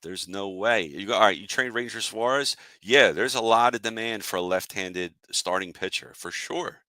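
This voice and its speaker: A man's voice: on the low side, normal speed, sharp tone, dry recording. Fired-up man ranting about sports. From Philadelphia area. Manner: annoyed, fired-up, talks to chat viewers. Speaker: sports podcast host. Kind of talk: casual sports rant.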